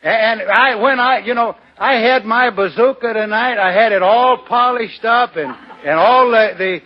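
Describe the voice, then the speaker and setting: Folksy man, rambling. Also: high voice. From Arkansas, USA. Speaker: comedian guest. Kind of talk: folksy radio monologue. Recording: muffled lo-fi 1940s radio.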